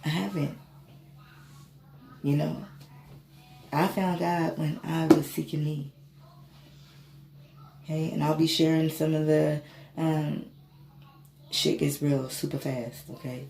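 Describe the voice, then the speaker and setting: A woman's voice: deep voice, fairly even intonation, takes it slowly, vocal fry, long pauses, warm tone. A woman vlogger casually telling an emotional spiritual story, swearing and rambling with many fillers. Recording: echoey room, faint ambient noise.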